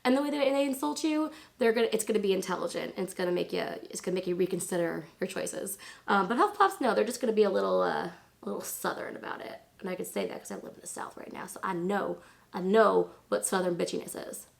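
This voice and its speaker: A woman in her thirties, hoarse from laryngitis, chatting casually and rambling through a makeup tutorial. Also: mid-range voice, quick pace. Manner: chatty, rambling, lots of fillers. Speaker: beauty vlogger.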